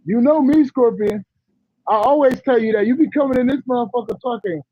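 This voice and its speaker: A man's voice: extremely high pitch, fairly quick, no echo, narrow, tinny audio. A man chatting casually on a livestream to his viewers, blunt and rambling, with slang and laughing asides. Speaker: livestream host.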